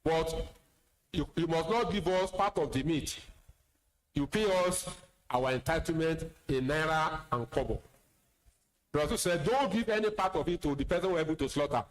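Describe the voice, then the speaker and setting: A Nigerian-accented man preaching as an imam, his voice sitting somewhat high for a man. He talks plainly, repeats words for emphasis and slips in teasing asides to his listeners. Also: normal speed, rough recording. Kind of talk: sermon lecture.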